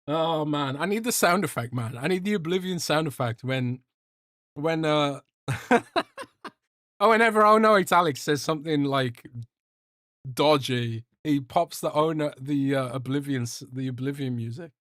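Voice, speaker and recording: A man's voice: fairly high pitch, moderate pace, fairly bright tone, no echo, studio quality. A young man hosting a casual livestream podcast, joking and rambling as he reads out chat. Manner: rambling, joking, swears a lot, trails off. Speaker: podcast host reading live chat.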